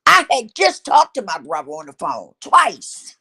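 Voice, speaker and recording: A woman's voice: high voice, big pitch swings, unhurried, creaky, pushed and bright, slightly rough. A middle-aged woman hosting her own show, telling a personal story in an emotional, repetitive way and speaking straight to her listeners. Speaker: host.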